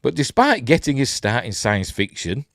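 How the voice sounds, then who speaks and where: A man with a Yorkshire accent hosts a relaxed film news stream. He reads articles aloud and wanders off into chatty side remarks, and his pitch rises and falls in an animated way. The sound is dry, with no room echo. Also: normal speed, creaky. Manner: rambling, chatty asides while reading articles aloud. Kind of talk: casual live-stream news commentary.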